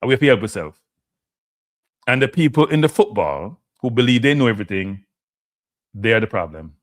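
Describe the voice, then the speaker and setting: A man's voice: lowish voice, expressive, fairly quick. A man with a Jamaican accent, hosting a live stream and ranting heatedly, switching between standard English and patois. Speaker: host. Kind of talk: impassioned live-stream rant.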